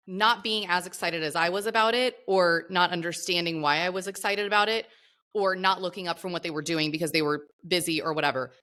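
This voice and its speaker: A woman co-hosting a podcast, reflective and quick to laugh in casual chat. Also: on the low side, pushed and bright. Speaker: podcast co-host.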